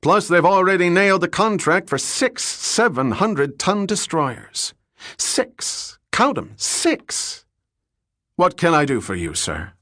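A man's voice: sits high, big pitch swings, takes it slowly, fairly bright tone, no room sound, studio quality, pitched above the performer's own voice, exaggerated voice. A man voicing an affable middle-aged bar owner who talks eagerly and boastfully.

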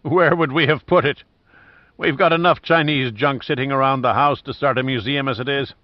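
A man's voice: medium pitch, fairly even intonation, moderate pace, no room sound, lightly acted. A man reading the lines of a big, hearty, sentimental husband, close to his own voice, on a dull dry recording. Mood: joking.

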